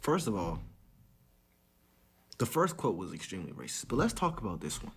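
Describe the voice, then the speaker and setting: Co-host, husky voice, unhurried, incredulous and very animated in pitch. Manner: incredulous, questioning. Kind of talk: casual commentary on video clips.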